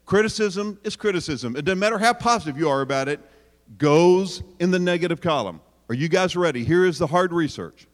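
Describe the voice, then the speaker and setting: A man preaching to a live audience about parenting, animated and joking, talking straight to the crowd. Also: high voice, a little fast. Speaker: speaker on parenting. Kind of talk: sermon. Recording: long hall reverb.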